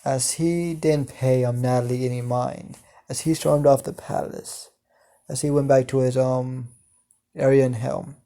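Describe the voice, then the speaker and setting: A man narrating an improvised fan story, slow and halting with many ums and casual swearing. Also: medium pitch, steady tone, warm tone.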